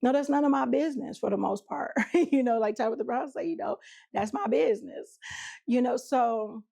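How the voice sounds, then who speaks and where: A woman's voice: fairly high pitch, brisk, gravelly, warm tone. Chatty woman with a country twang. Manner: chatty, laughs often, acts out quotes. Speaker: relationship coach. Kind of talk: casual monologue to camera.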